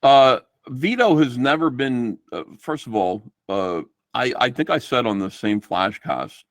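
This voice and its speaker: Profane, rambling middle-aged man, lively pitch. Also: a little slow, no room sound, clean studio sound. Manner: rambling, profane, animated storytelling. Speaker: guest comic book artist. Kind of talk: casual livestream chat.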